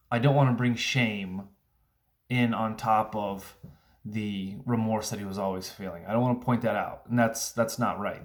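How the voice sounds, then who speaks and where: A man in his thirties, a single father, talking earnestly in a casual vlog, halting and restarting often with fillers. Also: lowish voice. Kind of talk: casual reflective vlog monologue.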